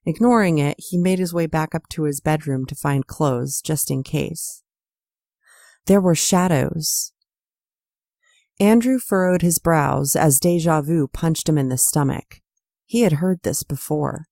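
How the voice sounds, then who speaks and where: A woman narrating her own novel as an audiobook, reading the dialogue softly and evenly. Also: low voice, a little slow, vocal fry, dry recording, clean studio sound.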